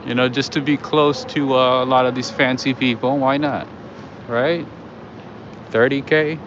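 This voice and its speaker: A chatty man talks to his viewers as he walks along a city street at night. His commentary rambles and is full of fillers, with traffic and street noise loud around him. The sound is a bit muffled. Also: mid-range voice, fairly even intonation, unhurried. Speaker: livestream host. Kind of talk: casual walking commentary to viewers.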